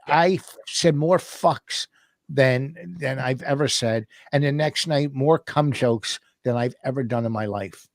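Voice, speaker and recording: A man venting about comedy clubs in casual podcast talk, with a worked-up, exasperated delivery. His voice is middle-pitched, and it is recorded close and dry. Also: no room sound. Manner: ranting, exasperated storytelling. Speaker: comedian co-host.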